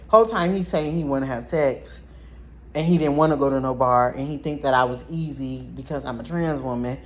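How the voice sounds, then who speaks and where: A woman telling viewers a personal story in a casual vlog, talking in an animated, blunt way and addressing them directly. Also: very deep voice, brisk.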